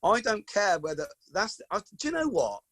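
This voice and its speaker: A man, a podcast guest telling stories in a lively, casual way and calling the host "mate". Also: high-pitched, moderate pace, dry recording. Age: 40s. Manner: lively anecdotal, peppers talk with "mate" and "do you know what I mean". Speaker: podcast guest, football coach. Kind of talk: casual storytelling chat.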